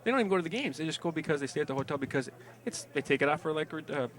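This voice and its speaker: A man calling a football game online, eagerly reading out viewer emails and shout-outs. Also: fairly high pitch, lively intonation, very fast. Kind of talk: live sports webcast commentary.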